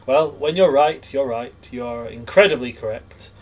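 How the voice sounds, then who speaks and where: A prim, overly polite café patron, put on by a man with a husky voice. Theatrical in both courtesy and disgust. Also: mid-range voice, normal speed, natural voice. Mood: apologetic.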